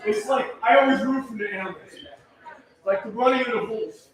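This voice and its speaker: A man doing a first-time stand-up comedy set at an open mic, loud and rowdy, often laughing at his own jokes. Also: very high voice, fairly quick. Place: comedy club stage. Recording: echoey room from far off, audience noise.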